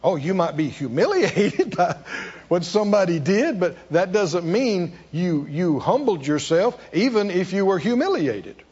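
A preacher, a man with a high, lively voice that swings from hushed to loud. He talks in rhetorical questions, and his voice has a husky edge. The recording is dull and carries the long echo of a large hall. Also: a little slow. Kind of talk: sermon.

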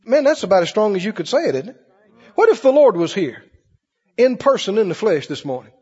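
A high, husky male voice preaching, lively and swooping in pitch. He acts out mocking voices as he goes. The sound is dull and carries a long hall reverb. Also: a little fast. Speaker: pastor. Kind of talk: sermon.

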